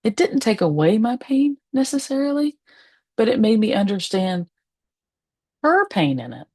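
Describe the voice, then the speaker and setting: A woman, a medium and spiritualist, telling a personal story to the camera from her home, candid and emotional, pausing and laughing softly. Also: on the high side, very animated, no room sound. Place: at home, seated in a rocking chair.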